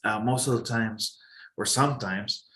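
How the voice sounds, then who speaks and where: A man teaching an English pronunciation lesson in a casual, halting way, checking in with his students. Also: fairly low pitch, pushed and bright.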